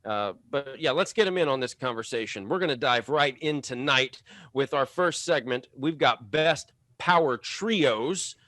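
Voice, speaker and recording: A man's voice: mid-range voice, animated, a little slow, pushed and bright, no echo. A man hosting a podcast, talking in an upbeat, chatty way with frequent "uh" fillers. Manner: upbeat, talkative, many "uh" fillers. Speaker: podcast host. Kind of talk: casual podcast chat.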